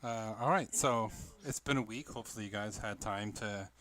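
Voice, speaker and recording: Bright-voiced male game master. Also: lowish voice, moderate pace. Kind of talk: casual pre-game chat and hosting.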